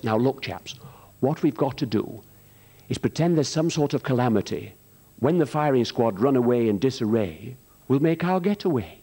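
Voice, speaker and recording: A man tells long shaggy-dog jokes on a theatre stage. He rambles with ums and restarts, then jumps into high, shouted character voices for the punchlines. His pitch swings widely across the telling. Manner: rambling, hesitant, full of ums between jokes. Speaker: stand-up comic at a charity show. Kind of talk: stand-up joke telling.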